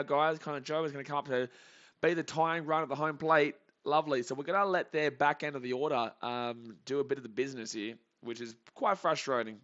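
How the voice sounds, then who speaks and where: A young man hosting a live baseball reaction stream, calling the plays casually and reading out chat messages with bursts of excitement. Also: a little high, moderate pace, dull audio. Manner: casual chatty commentary, reads chat aloud, excitable.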